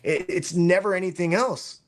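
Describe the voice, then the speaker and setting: A man's voice: sits high, normal speed. A man chatting on a live audio space in an earnest, reflective way with loose phrasing.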